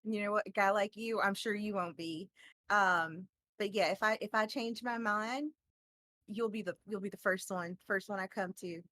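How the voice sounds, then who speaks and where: A woman's voice: mid-range voice, steady tone, normal speed, sharp tone, no echo, lightly acted. A woman voicing a polite young Southern belle with a Southern US accent, drily brushing off a suitor.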